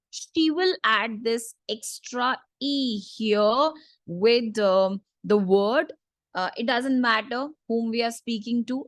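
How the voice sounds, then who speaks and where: Woman french teacher, slow patient repeats, dry close sound. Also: fairly high pitch, no echo. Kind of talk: online language lesson.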